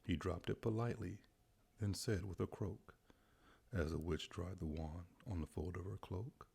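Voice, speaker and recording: Low, gravelly father reading a bedtime story. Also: steady tone, normal speed, darkish tone.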